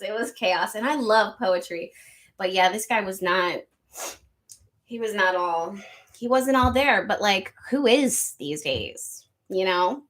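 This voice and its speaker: A woman hosting a casual live chat with viewers, talking loudly and projecting, laughing often and chatty. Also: mid-range voice. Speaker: tarot reader and live stream host. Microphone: desk microphone.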